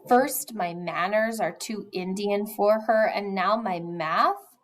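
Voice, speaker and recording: Reading a children's novel aloud, this woman has a mid-range voice and a slow delivery, captured on poor audio. She tells the story expressively and now and then sinks to a whisper.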